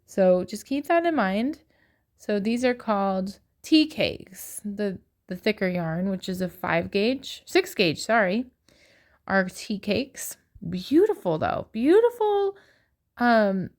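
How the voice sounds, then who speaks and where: A middle-aged woman narrating her own shopping video in a casual voice-over, gushing and admiring. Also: mid-range voice. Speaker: yarn shopping vlogger.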